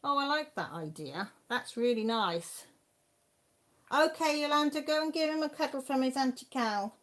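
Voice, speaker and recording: A woman's voice: high voice, lively intonation, a bit bright. Chatty English woman hosting from home. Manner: chatty, rambling, quick to laugh. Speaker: craft channel host. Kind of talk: casual live chat.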